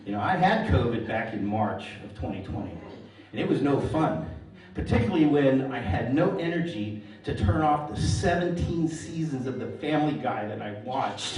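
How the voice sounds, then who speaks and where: Dry storytelling punctuated by puns makes up this middle-aged man's stand-up set, performed on stage before a live audience in a large hall. His voice is mid-range, and the echoey recording uses a distant mic that picks up crowd laughter.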